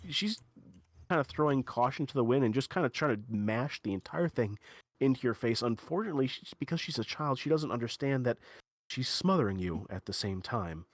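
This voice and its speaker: A man narrating as game master in a tabletop game, halting and playful, with many fillers and restarts. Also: mid-range voice, animated, dry recording, studio quality.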